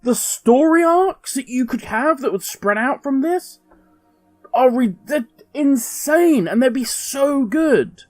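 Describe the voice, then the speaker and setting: A man's voice: very high-pitched, slow pace, no room sound, faint music behind. A man hosting a gaming video, giving impassioned opinion commentary. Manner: impassioned, animated.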